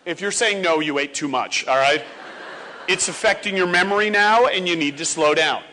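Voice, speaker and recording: A man in his forties delivers a comedic speech from a stage, lively and playful as he acts out little scenes. His voice sits high for a man and has a bright, forceful edge. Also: normal speed, a little hiss or hum. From Ontario, Canada. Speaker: motivational speaker. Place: stage before a live audience.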